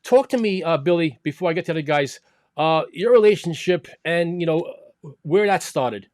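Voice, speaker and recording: A male host with a fairly high voice runs a live online round table. He is friendly and casual and calls his guests bro. The recording is close and dry. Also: expressive, normal speed, a little mellow, no echo. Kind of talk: live online show hosting.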